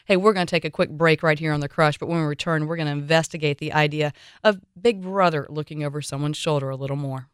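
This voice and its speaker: A woman's voice: low voice, fast, few pauses, clear, resonant tone, no echo. Chatty woman hosting a radio wine show. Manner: chatty, opinionated, enthusiastic recommending.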